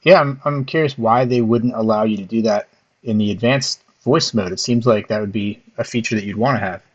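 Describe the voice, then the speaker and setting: A man's voice: lowish voice, fairly quick. Hesitant man with slightly dull sound. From Philadelphia area. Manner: hesitant, restarts often, laughs easily. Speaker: host. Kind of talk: casual chat.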